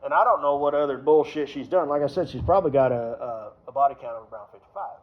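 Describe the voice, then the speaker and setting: A man's voice: fairly high pitch, fast. A man rambling through a crude personal story, full of fillers, trailing off into mumbles. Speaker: vlogger. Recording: dull lo-fi recording.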